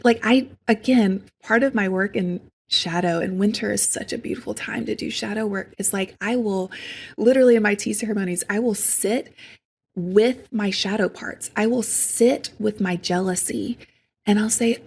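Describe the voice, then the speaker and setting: A woman talking as a podcast guest in a reflective spiritual conversation, earnest and tender, sometimes slipping into soft whispers. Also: medium pitch, normal speed, creaky, breathy edge.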